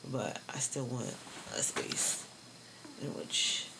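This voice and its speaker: This is a young woman, speaking unusually low for a woman. She talks through a tarot reading in a loose, lively way, full of slang and swear words. A faint hiss sits under her voice. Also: slow, creaky. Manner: loose, profane, laughing often, slangy. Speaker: tarot reader. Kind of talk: casual tarot reading monologue.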